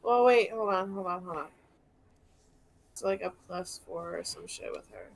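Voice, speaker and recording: A woman's voice: on the low side, lively intonation, moderate pace, creaky. A woman playing in a tabletop game, eagerly quibbling over her dice rolls. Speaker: player. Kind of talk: casual table chat.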